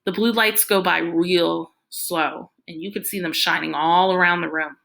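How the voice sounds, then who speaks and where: A woman narrating a novel in the first person, reading in a plain, steady way. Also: lowish voice, moderate pace, creaky. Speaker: audiobook reader.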